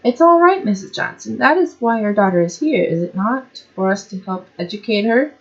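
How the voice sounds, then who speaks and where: A woman reading aloud and voicing a kind, gentle wealthy lady in a story, in a lifted, refined tone. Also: medium pitch, expressive, moderate pace, muffled recording, close to an everyday voice. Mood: gently reassuring.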